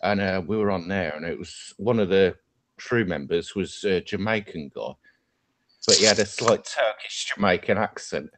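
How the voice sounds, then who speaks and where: A man's voice: low-pitched, moderate pace, a bit bright. A man chatting casually, hesitant and full of fillers. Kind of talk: casual group chat.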